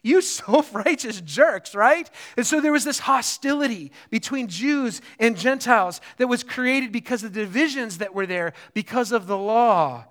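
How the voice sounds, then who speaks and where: A man preaching a sermon in a conversational, animated way, often checking in with the listeners. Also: very high voice, normal speed, hardly any pauses. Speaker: pastor.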